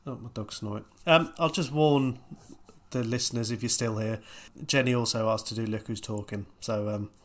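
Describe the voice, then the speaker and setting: A man's voice: medium pitch, steady tone, normal speed. A man, co-hosting a casual film chat with dry, wry asides. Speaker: podcast co-host.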